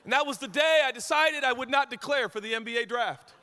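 A man's voice: extremely high pitch, fast talker, long reverb tail. A man from Washington state preaching a sermon as a pastor, telling a self-deprecating story with jokes. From Washington state, USA. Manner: self-deprecating, joking, lively anecdotes. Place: church sanctuary.

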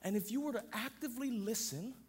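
A man preaching a sermon on marriage, loud and expressive, often checking in with "right?". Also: extremely high pitch, fast talker, slightly rough. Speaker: pastor.

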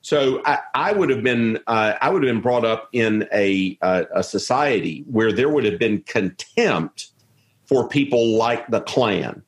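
A man's voice: fairly low pitch, animated, measured pace. A man, an interview guest talking in a rambling way with many restarts. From South Carolina, US. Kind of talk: conversational interview.

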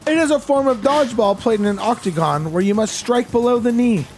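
High-voiced man hosting a casual quiz. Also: brisk, a little mellow, soft background music. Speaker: quiz host. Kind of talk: casual quiz game chat.

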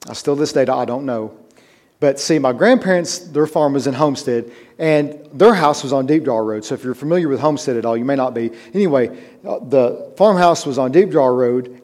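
A man's voice: mid-range voice, a little mellow. A man preaching a sermon, telling a personal story in a conversational way that builds to emphatic urgency.

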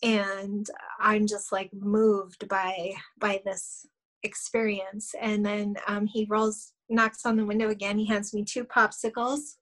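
A woman's voice: mid-range voice, level tone, slow, fairly bright tone, poor audio. A middle-aged woman, a guest on a podcast, earnestly telling a personal story with many fillers and small laughs. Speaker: guest, shamanic healer.

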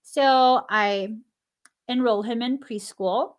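Woman guest, casual anecdotal storyteller; animated delivery with frequent laughter and acted-out dialogue. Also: measured pace. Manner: animated, laughs often while telling stories; acts out dialogue with sudden pitch jumps. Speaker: stay-at-home mom and podcast guest.

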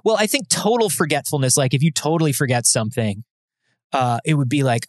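A man's voice: medium pitch, a little fast, no echo, studio quality. A man co-hosting a podcast, chatting casually and self-deprecatingly as he explains science news. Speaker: podcast co-host. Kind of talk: casual chat.

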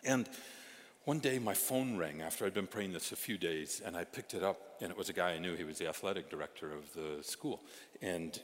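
Middle-aged male preacher, deep voice, animated storytelling that jumps from loud to hushed, church hall with long reverb. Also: fairly quick. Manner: animated, swings from loud exclamations to hushed asides. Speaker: pastor. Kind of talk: storytelling sermon. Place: church sanctuary.

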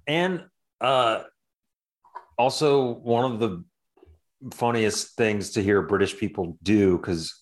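A man's voice: lowish voice, slow pace, long pauses. A man co-hosting a podcast, making dry, matter-of-fact remarks in casual chat. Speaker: podcast co-host.

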